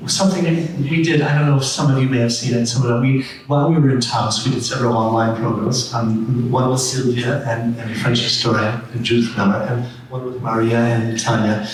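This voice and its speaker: A man's voice: mid-range voice, flat delivery, a little fast, few pauses. A man hosting a panel discussion, rambling and restarting his sentences often. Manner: rambling, many restarts and fillers. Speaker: artistic director hosting a panel. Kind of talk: roundtable discussion. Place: large room at a public panel. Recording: echoey room, mic far off, faint noise.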